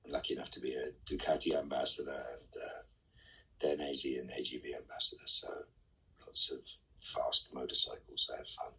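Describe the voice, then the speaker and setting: A man's voice: very deep voice, little pitch movement, normal speed, pushed and bright, slightly rough, distant mic, low-quality recording. A middle-aged man reading fan questions aloud on a live stream and answering them with dry, wry quips. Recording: voice set back from the mic.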